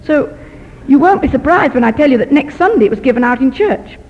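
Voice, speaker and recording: A woman with a high voice tells a sermon story, lively and gently self-mocking. The recording is dull and muffled, and a long hall reverb trails behind her words. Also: brisk, husky. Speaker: missionary doctor and speaker.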